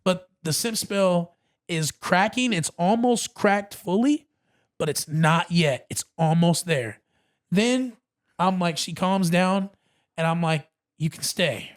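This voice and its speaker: A man guest on a podcast, telling a story in a casual, animated way and acting out what others said. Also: high-pitched, slow. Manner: animated, acts out quotes, says bro a lot.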